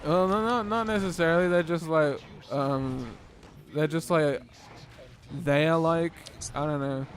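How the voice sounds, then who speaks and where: A man's voice: fairly high pitch, unhurried. A man with a light British accent chatting casually while playing a co-op game, laid-back, swearing and laughing often. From Britain. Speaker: co-op gaming partner. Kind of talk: casual gameplay chat.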